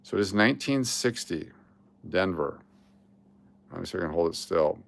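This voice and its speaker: A deep-voiced man with a gravelly, fry-heavy tone talks to camera while searching through coins. He mutters dates and mint marks as he goes, gets excited over a possible find and groans at the misses. It is a loose, casual commentary. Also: normal speed. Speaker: coin roll hunting host. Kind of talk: casual coin-hunting commentary.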